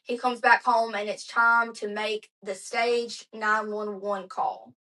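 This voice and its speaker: A woman's voice: a little high, little pitch movement, slow, sharp tone, poor audio. A woman hosting a podcast, narrating a true crime story in a chatty, conversational way with asides. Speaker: podcast host.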